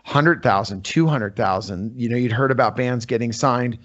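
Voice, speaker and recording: A middle-aged man from Northern California, a musician guest in an interview, telling his stories in a rambling, animated way full of "you know" fillers. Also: mid-range voice, moderate pace. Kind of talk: casual storytelling interview. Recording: slightly muffled lo-fi audio.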